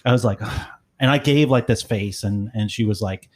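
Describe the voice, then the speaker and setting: A man's voice: on the low side, moderate pace. Podcast guy rambling along, uh and um everywhere, dry jokes. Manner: rambling, many fillers, wry. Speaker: podcast co-host. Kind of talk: casual chat.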